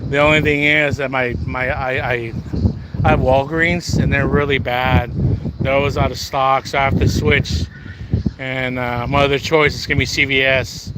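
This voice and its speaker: Casual male livestreamer on a walk, mid-pitched, chatty with viewers, heavy wind and traffic noise. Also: level tone, moderate pace. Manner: chatty, answers viewer comments, says "bro" and "man". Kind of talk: casual live walk-and-talk stream. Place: outdoors, walking.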